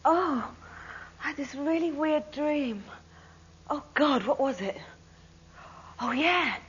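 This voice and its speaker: A woman plays a girlfriend who drawls through a strange dream at an unhurried pace. Her voice is high and rises and falls widely. A loud audience and noise fill the dull recording. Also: full character voice. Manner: slow, drawn-out storytelling. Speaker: sketch performer. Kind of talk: comic scene before a live audience.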